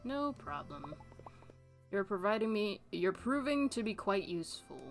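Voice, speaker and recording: A woman's voice: medium pitch, expressive, unhurried, soft background music. A woman reading game dialogue aloud for a chatty, adventurous female albatross explorer in a friendly, upbeat way.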